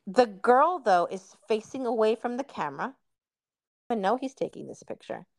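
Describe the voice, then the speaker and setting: A woman's voice: on the high side, big pitch swings, moderate pace, creaky, no echo. A woman hosting a podcast, telling a personal story in a casual, candid chat. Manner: candid storytelling, calls guest "girl". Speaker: podcast host.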